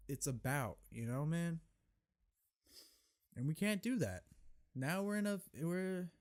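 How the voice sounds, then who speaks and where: A young man hosts his own podcast, telling a concert story as a profane, exasperated rant. His voice swings widely in pitch as he gets worked up, and he swears freely throughout. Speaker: podcast host. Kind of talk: solo comedic storytelling rant.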